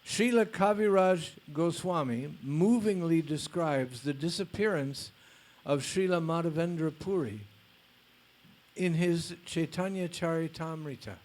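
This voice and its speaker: A male spiritual teacher reads a story aloud during a lecture. He speaks slowly and deliberately in a voice pitched a bit high for a man. Now and then he drops in a blunt casual aside. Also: a little mellow.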